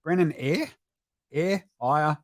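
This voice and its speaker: Australian man, sweary basketball commentary, fairly high voice, dead dry mic. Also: takes it slowly, dry recording. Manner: sweary, animated, breaks into mocking put-on voices and sudden shouts. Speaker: basketball podcast host. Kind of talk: profane casual live-stream commentary.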